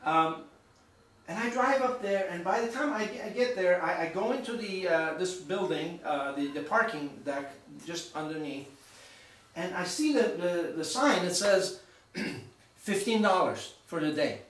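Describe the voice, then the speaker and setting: A man giving an author's talk in a bookshop, telling a story in an animated, chatty way with asides to the audience. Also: high voice, unhurried. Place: bookshop event room. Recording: very echoey room, mic far off.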